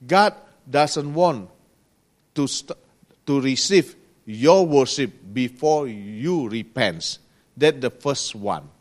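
A man preaching a sermon with a slow, earnest delivery, pausing often and pressing certain words, in non-native English grammar. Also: medium pitch, expressive. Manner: slow, earnest preaching with pauses and rising emphasis.

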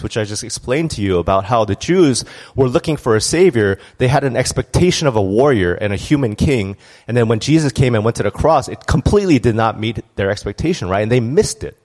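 Speaking at a medium pitch with a slightly mellow tone, a man at church gives a candid, story-driven sermon in a conversational style, full of restarts and side remarks.

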